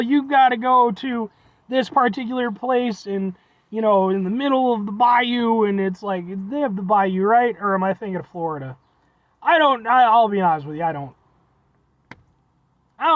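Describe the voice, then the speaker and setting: This young man's voice sits high, and there's no room sound in the dull, dry, lo-fi recording. Rambling through a folksy food-review vlog, he addresses his viewers as "folks" again and again, with playful exaggeration and self-deprecating humor.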